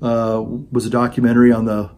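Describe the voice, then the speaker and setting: A man's voice: medium pitch, completely flat delivery, a little fast, a little mellow. A man giving a rambling, sarcastic opinion monologue on his own channel, full of "you know" fillers. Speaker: video blogger.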